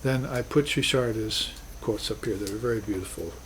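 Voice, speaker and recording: A man's voice: lowish voice, brisk, a little hiss or hum, rough recording. A man teaching a class on spiritual philosophy, talking in an earnest, reflective way with emphatic bursts. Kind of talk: recorded class lecture.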